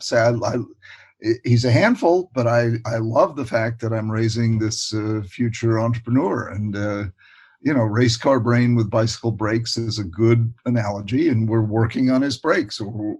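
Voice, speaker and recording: An older man, a guest expert in a casual interview, talking with warm enthusiasm and often repeating words. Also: medium pitch. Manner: warm, enthusiastic, repeats words and says "you know" a lot.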